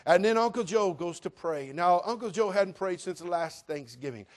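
A man preaching a humorous sermon, telling a comic story with animated delivery and sudden loud exclamations. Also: sits high, normal speed. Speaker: pastor.

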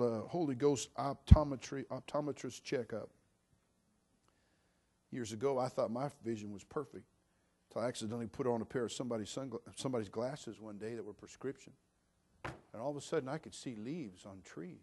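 Preacher with big swings in volume. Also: male voice, medium pitch, fairly quick, breathy edge. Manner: dynamic preaching, swinging from hushed to shouting. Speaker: pastor. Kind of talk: sermon.

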